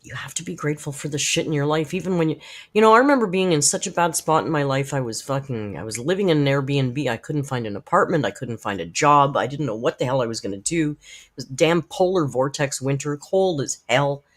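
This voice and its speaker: Lively, frank, swearing middle-aged woman. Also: sits low, fairly quick. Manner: frank, profane, chatty, talks straight to viewers in the chat. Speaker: live-stream host reacting to videos. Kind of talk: casual live-stream commentary.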